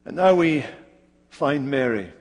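A man preaching a sermon, retelling a scripture story slowly and dramatically with pauses. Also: medium pitch, expressive, in a large hall.

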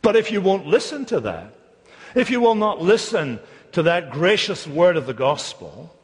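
Scottish man preaching, husky voice. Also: sits high, big pitch swings, moderate pace, big-room sound. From Scotland. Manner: emphatic, repeats words for effect, mimics mocking voices. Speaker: pastor. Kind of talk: sermon. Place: church.

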